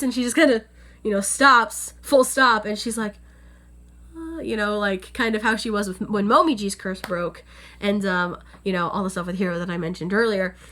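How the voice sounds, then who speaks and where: A young woman with a bright, clear voice sits on camera and talks an anime episode through in a loose, conversational way. She sits a little higher than most women and keeps circling back with "you know" and "like.". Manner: chatty, heavy with fillers. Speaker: anime reviewer. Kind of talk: casual episode recap. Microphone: on-camera setup.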